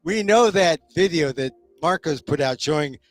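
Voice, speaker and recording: A man's voice: on the high side, expressive, no echo, faint music behind. A man hosting a talk show, chatting casually and agreeably with a guest. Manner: conversational, agreeable, frequent quick affirmations. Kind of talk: casual chat.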